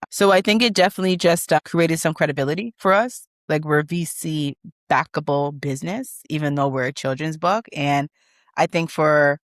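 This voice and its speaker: Animated woman telling an emotional story. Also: lowish voice, normal speed, no echo, clean studio sound. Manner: animated, emotional, acts out quoted dialogue. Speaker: guest, business founder. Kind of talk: conversational interview storytelling.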